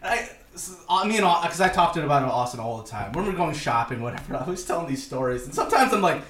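Animated, high-voiced storytelling man. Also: fast talker, roomy sound, slight background noise. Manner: animated, laughs often through his stories; swears freely. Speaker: podcast co-host. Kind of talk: casual storytelling chat.

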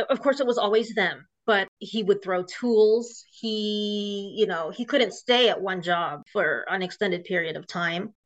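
A woman's voice: mid-range voice, fairly bright tone. Woman guest rambling thru her story, lots of likes and restarts, kinda muffled lo-fi sound. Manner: emotional, rambling, many "like"s and restarts. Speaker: interview guest. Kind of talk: personal storytelling. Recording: dull lo-fi audio.

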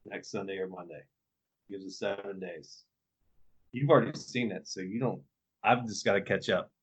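A man co-hosting a chatty podcast, his voice sitting on the low side. He rambles, restarts his sentences and swears without a second thought. The recording is dull and lo-fi. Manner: loose and profane, rambling with restarts. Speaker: podcast co-host. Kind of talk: casual podcast chat.

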